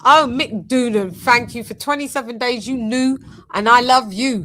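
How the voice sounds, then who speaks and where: A woman's voice: a little high, moderate pace, very noisy. A woman hosting a boxing channel's live stream, chatting casually, thanking members and breaking into bits of song. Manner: chatty, sings snatches and shouts out members.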